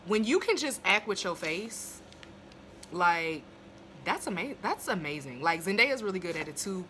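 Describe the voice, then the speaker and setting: A woman's voice: fairly low pitch, sharp tone, slight background noise. A young woman recapping a TV episode in a casual, profane, blunt way, laughing as she goes, recorded on a phone at home. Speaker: TV episode reviewer.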